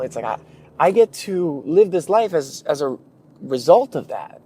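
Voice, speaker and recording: A man's voice: fairly high pitch, moderate pace, husky. A podcast host retelling stories in a casual monologue and acting out the people he quotes. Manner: animated retelling, acts out quoted voices, laughs at himself. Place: in a vehicle during a commute.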